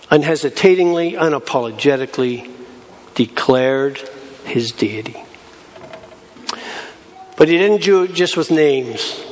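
Guy preaching in a church, kinda high voice, chatty, acts out bible bits, big hall echo. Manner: conversational, plays out bible scenes in voices. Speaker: pastor. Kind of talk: sermon. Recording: long hall reverb.

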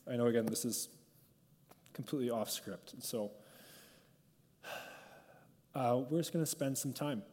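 A man preaching in a relaxed, chatty way, drifting off his notes and filling his sentences with "like". His voice sits at an ordinary middle pitch, and it carries a long reverb from the hall around him. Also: measured pace, pauses often. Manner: conversational, peppered with "like", going off script. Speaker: pastor. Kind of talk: informal sermon and prayer.

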